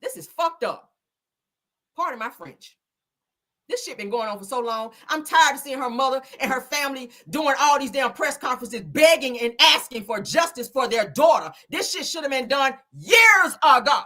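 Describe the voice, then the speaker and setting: A woman's voice: high-pitched, animated, moderate pace, bright, forceful tone. A woman hosting her own commentary show, talking casually and heatedly, with lots of profanity and emphatic outbursts.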